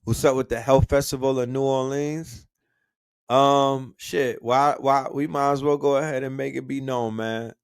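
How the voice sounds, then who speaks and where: Brief: male streamer, mid-pitched, loose slangy chat, close dry mic. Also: steady tone, a little slow, clean tone, no room sound. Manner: slangy, shouting out viewers' cities. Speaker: livestream host. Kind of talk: casual livestream chat.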